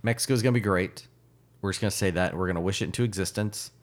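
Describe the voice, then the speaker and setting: A man's voice: sits low, fast. A man co-hosting a podcast, chatting casually with dry, wry humor. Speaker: podcast co-host. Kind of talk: casual chat.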